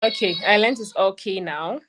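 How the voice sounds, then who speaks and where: Excited woman hosting a livestream. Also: mid-range voice, normal speed. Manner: excited, chatty, repeats phrases. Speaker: lead coach hosting an online graduation. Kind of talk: live-streamed ceremony hosting.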